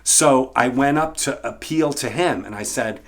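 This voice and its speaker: A middle-aged man, an actor and bartender, telling a casual story in an animated way. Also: medium pitch, normal speed. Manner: animated, acts out the people he quotes.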